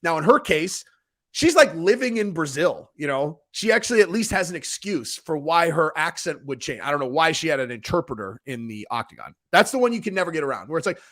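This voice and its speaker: A man hosting a casual reaction show, talking in a rambling, animated way and saying "dude" often. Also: fairly high pitch, fairly quick. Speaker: host reacting to a video.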